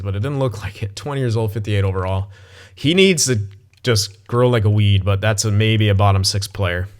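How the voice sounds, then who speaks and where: Young guy with a lowish voice mumbling thru his hockey game, cusses, suddenly yelps when something pops up. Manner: thinks aloud, swears, blurts sudden excited outbursts. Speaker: gaming channel host. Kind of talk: casual gameplay commentary.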